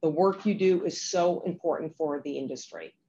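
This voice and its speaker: A woman giving a grateful, measured acceptance speech as an award honoree. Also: deep voice, dark tone. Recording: dull lo-fi with faint noise.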